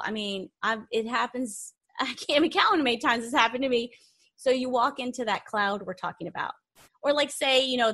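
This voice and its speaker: A woman's voice: medium pitch, fairly bright tone. A woman guest in a conversational interview, talking with animation and acting out the inner voices of her examples.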